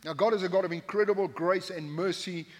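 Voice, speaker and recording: At the pulpit of a church sanctuary, a male pastor with a high, steady voice delivers a brisk sermon. He speaks with emphasis, circles back to his key phrases, and jokes with the congregation while a long reverb trails through the hall.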